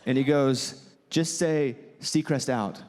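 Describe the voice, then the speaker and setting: A man with a Southern US accent doing stand-up storytelling for a theater crowd, animated and jumping high when he acts out quotes. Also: slow pace, background noise. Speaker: comedian and host. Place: theater stage. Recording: live theater with long reverb and faint ambience.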